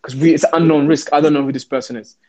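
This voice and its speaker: A man's voice: on the high side, rapid-fire. A man, a former police officer, telling a story in an interview and acting out the voices he quotes. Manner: animated, acts out the quoted voices.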